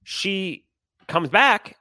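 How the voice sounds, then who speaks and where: Man, middle-aged, podcast co-host, animated storyteller, swears, bright tense voice, dry sound. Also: high voice, very slow, no room sound. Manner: animated, swearing, acts out quoted people. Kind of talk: casual storytelling chat.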